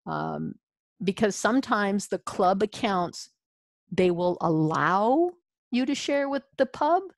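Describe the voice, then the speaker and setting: A woman's voice: medium pitch, expressive, slow, gravelly, dry recording. A woman leading an adult education training session, chatty and informal, checking in with "okay?" as she goes. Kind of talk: instructional webinar presentation.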